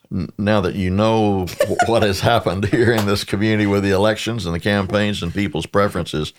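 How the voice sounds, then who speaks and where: An older man, a podcast guest, telling stories in a rambling conversational way with many restarts. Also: sits low. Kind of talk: conversational storytelling. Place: radio studio.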